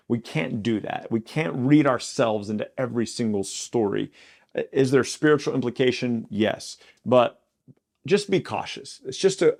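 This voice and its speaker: A man's voice: mid-range voice, gravelly, darkish tone. Casual man teaching the Bible. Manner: conversational, acts out God's lines with quick quirky quotes. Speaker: Bible podcast host.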